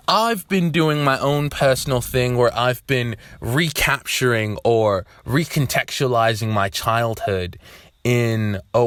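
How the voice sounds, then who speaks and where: A young man talking to camera in a loose, rambling way, swearing freely and breaking into loud outbursts. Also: medium pitch, smooth, dry recording, studio quality. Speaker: vlogger. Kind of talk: casual rambling monologue.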